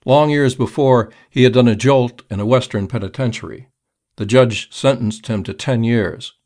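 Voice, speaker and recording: A man reading a crime story aloud in a measured storytelling manner. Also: mid-range voice, a little mellow. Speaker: narrator. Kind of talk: audiobook narration.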